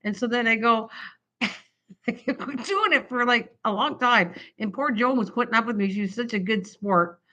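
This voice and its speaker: An older woman with a slightly high, bright voice that has a sharp edge rambles cheerfully about crafts to her livestream viewers at a moderate pace. Her chat wanders and often breaks into laughter. The audio is dull and lo-fi, like a home camera's built-in mic.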